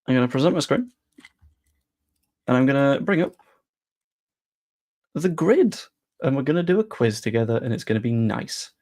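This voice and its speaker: Chatty young Englishman with gravelly fry. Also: mid-range voice, expressive, normal speed, long pauses, darkish tone. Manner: rambling, chatty, self-deprecating asides. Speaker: football channel streamer. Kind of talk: casual live-stream chat.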